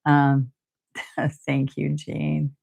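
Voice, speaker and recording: An older woman, hosting a live painting stream. She talks softly and close to tears, often repeating words as she chats to viewers. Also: deep voice, completely flat delivery, drawn-out words, gravelly. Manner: soft-spoken, tearful, repeats words. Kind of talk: casual heartfelt chat to live viewers.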